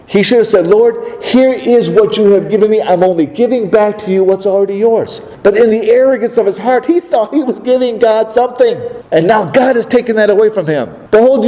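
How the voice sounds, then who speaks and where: A man's voice: high voice, dark tone. Preacher man in a reverberant hall. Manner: acts out biblical voices, rhetorical questions. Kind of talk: sermon.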